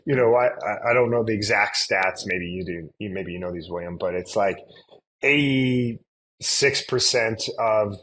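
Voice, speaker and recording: A man's voice: on the low side, unhurried, a bit bright, slight background noise, low-quality recording. A man guesting on a podcast, talking loosely with lots of fillers and restarts. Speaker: guest, influencer marketing agency CEO. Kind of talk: casual conversational interview.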